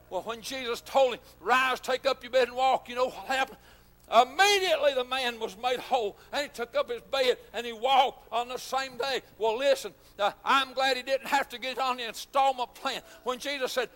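A man preaching, his voice pitched very high. He drifts between quiet asides full of fillers and fervent shouted bursts. The sound trails off in a long hall reverb. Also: normal speed. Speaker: pastor. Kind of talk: sermon.

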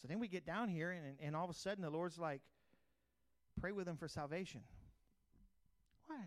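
This sermon comes from a middle-aged pastor, a man whose voice sits on the high side, speaking at normal speed. He preaches like he's telling a story in conversation, moving from loud outbursts to quiet asides.

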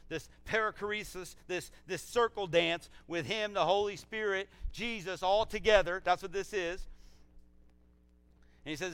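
Passionate male preacher, loud to hushed. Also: measured pace, clean tone. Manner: passionate, swings from loud exclaims to soft low reading; conversational, repeats phrases. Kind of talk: sermon. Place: church service.

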